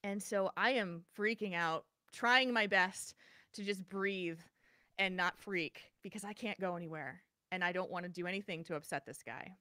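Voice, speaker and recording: A woman co-hosting a podcast, telling a personal story in a casual, animated way with many restarts. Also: on the low side, normal speed, no room sound, studio quality. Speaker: podcast co-host.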